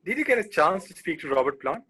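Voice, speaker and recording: A man's voice: a little high, sing-song, fast talker, bright, forceful tone, slightly rough. A man hosting a casual interview, asking questions and adding short prompts and backchannels. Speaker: interview host.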